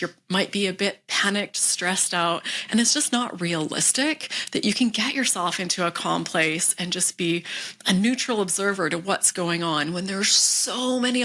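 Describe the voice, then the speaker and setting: A woman coach talks viewers through a technique in a calm, reassuring way. Her voice sits a little low but comes across bright and forward. Now and then she softens into a near whisper. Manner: calm, gentle, reassuring, drops into soft whispers. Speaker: wellness coach. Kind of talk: instructional talk to camera.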